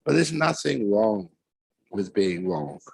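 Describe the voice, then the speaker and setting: An older man with a British accent, a monk giving a relaxed Dharma talk full of humorous stories, chuckling at his own jokes. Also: lowish voice, takes it slowly, gravelly, breathy edge, dry recording, low-quality recording.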